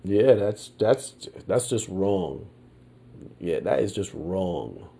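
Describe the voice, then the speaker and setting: Slow, low-voiced man musing casually. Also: lively intonation, gravelly, dark tone, slightly rough. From United States. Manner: slow and meandering, many fillers and restarts; laid-back, colloquial speech. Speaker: podcast host. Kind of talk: casual opinion monologue.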